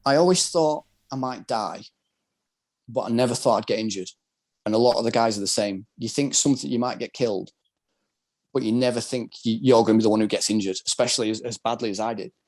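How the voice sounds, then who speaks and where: Mid-range in pitch and darkish in tone, this British man speaks at a quick pace. He's a former soldier and wheelchair rugby player guesting on a podcast, telling his story in a rambling, casual, candid style loaded with filler words.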